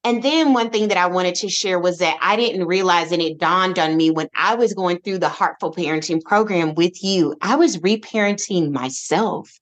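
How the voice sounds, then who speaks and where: Animated woman sharing her parenting story. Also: on the low side, normal speed, few pauses. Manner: animated, expressive storytelling with frequent restarts. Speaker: podcast guest, parent. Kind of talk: casual conversational interview.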